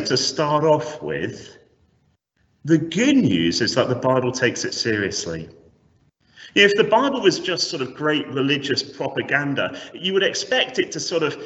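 A man preaching a sermon with animated, rhetorical emphasis, heard from a distance in a church. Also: medium pitch. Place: church hall. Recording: echoey hall from a distance, slightly dull.

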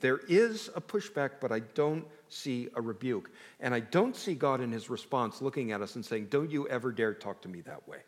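Man, pastor, sermon, fairly high voice, very animated pitch, conversational, asks the congregation questions. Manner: lively, shifting emphasis.

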